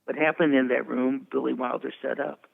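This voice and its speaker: A man's voice: medium pitch, level tone, fairly quick, vocal fry. A man in his eighties, a veteran publicist, telling rambling anecdotes with frequent chuckles in an interview. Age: 80s. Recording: tinny phone-like line.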